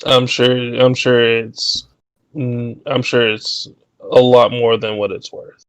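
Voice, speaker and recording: A man co-hosting a casual commentary chat, talking loosely with halting starts and fillers. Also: medium pitch, flat delivery, clear, resonant tone, no room sound, low-quality recording.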